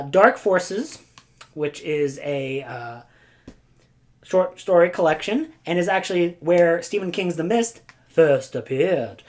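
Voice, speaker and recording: Woman vlogging about books, lowish voice, rambly and goofy, lots of uhs. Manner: rambling and goofy, with silly asides and sound effects; frequent filler words. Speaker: book vlogger. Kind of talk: casual chat.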